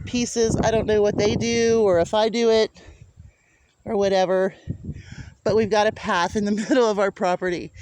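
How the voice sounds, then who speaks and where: A woman's voice: a little mellow, dry recording. A woman vlogging casually as she walks around her small farm outdoors, chatting to the camera and cooing at her animals in a sing-song voice. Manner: chatty, rises to high sing-song baby talk with animals. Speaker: homestead vlogger. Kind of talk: casual walking farm vlog.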